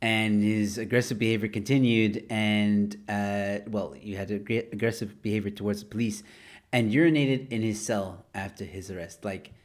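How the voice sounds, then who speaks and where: A man hosting a comedy panel, reading headlines in an unhurried way with many fillers and laughs. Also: on the low side, fairly even intonation. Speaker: host.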